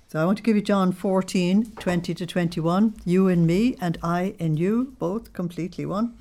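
Woman study leader, somewhat low voice, emphatic devotional reading, slows to stress words. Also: dark tone. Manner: asks listeners to check their understanding. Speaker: religious study group leader. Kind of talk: devotional teaching with readings aloud.

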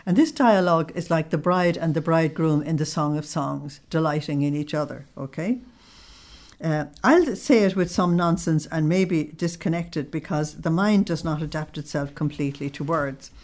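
Low-voiced woman teaching, unhurried. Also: a little mellow. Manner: unhurried, hesitant, checks in with listeners often. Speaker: religious teacher. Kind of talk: spiritual study lesson.

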